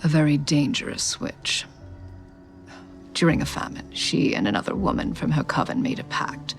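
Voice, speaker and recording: An actress in a TV series telling a grim legend in a grave, sometimes hushed tone. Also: female voice, low-pitched, lively intonation, moderate pace, creaky. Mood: ominous. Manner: grave storytelling tone, hushed at times. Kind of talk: scripted TV dialogue. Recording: TV clip with music behind.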